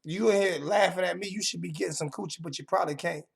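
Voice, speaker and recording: A man's voice: high-pitched, fast talker, creaky, breathy edge. A young man hosting a livestream from home, confrontationally trash-talking his chat and repeating phrases for emphasis. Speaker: livestream host. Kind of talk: heated livestream rant.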